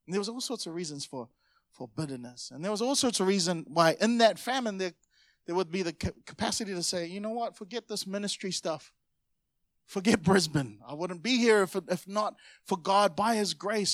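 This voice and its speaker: High-voiced male pastor, heartfelt preaching. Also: dry recording, studio quality. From Samoan family. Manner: emotional storytelling with repetitions, swelling to exhortation. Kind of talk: sermon. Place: church hall.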